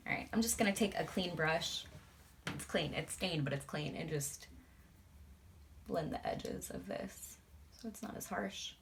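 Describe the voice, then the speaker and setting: A woman's voice: on the low side, a little slow, vocal fry, long pauses, slight background noise. A young adult woman, a beauty vlogger, chatting casually and swearing freely while doing her makeup.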